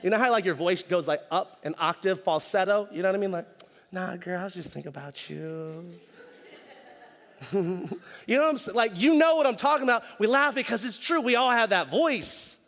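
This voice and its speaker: A middle-aged man, preaching a conversational sermon as pastor and telling stories in animated slang. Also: high voice, quick pace, few pauses, long reverb tail. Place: church stage.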